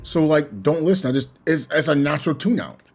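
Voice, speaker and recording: A young man chats loosely while playing a video game, drifting from thought to thought with small chuckles. His voice sits a little high for a man and swings widely in pitch. Faint game music hums behind him. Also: animated, brisk. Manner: rambling, reflective, chuckles between points. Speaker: gaming channel host.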